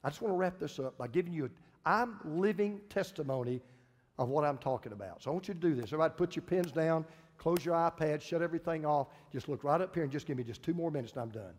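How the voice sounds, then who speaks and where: A middle-aged man preaching a sermon as pastor, emphatic and then dropping to a hushed voice. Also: a little high, lively intonation, fast talker, big-room sound. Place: church sanctuary.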